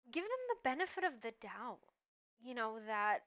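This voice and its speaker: A woman streamer chatting casually in reaction to a video, rambling and animated with lots of "like". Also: fairly high pitch, moderate pace. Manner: rambling and animated, heavy use of "like".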